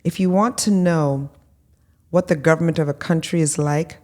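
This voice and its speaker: Low-voiced woman telling stories in an interview. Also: normal speed. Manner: animated storyteller, acts out quoted voices; frequent ums and restarts. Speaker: interview guest. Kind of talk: conversational interview.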